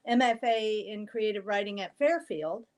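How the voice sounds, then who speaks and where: A woman poet from the American South being interviewed, talking thoughtfully with pauses and ums, with a faint Southern trace in her accent. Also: mid-range voice, animated, a little mellow. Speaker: poet and author guest. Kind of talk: casual interview conversation.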